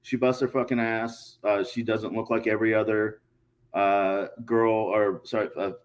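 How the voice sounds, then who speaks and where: A man, a guest on a casual podcast, telling stories in a profane, animated way and acting out quotes. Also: lowish voice, moderate pace. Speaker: guest, pro wrestler.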